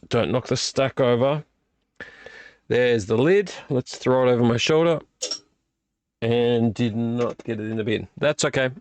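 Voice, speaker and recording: A man hosting a casual late-night vlog from a small room at home, his voice strained and croaky from illness, rambling and self-deprecating with many fillers. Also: medium pitch, dry recording. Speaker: vlog host. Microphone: attached desktop microphone.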